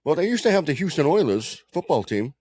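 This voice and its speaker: A man's voice: fairly high pitch, big pitch swings, fairly quick, a little mellow, no room sound, studio quality. A man co-hosting a sports podcast, chatting loosely with lots of swearing and jokey stories. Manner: loose, swearing, joking storyteller. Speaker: podcast co-host. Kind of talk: casual sports banter.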